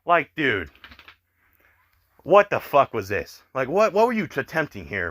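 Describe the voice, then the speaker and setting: A man's voice: mid-range voice, wildly swooping pitch, measured pace, a bit bright. A young man ranting in exasperated online commentary, swearing often and filling his talk with "like". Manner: exasperated, swears a lot, many fillers. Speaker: commentary youtuber.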